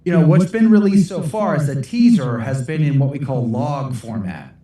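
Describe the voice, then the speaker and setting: This is a casual livestream Q&A where a middle-aged man from the United States fields questions, laughing a lot and rambling in a self-deprecating way. His pitch is fairly high, animated and mellow, at a moderate pace. The recording is very echoey, with him well away from the microphone.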